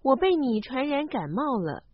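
A woman reading short phrases clearly and deliberately for a language lesson. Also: high voice, very animated, dry recording. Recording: dull, lo-fi sound.

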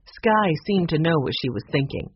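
Husky, expressive audiobook narrator. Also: mid-range voice, moderate pace, muffled recording. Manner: expressive, storytelling. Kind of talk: scripted narration.

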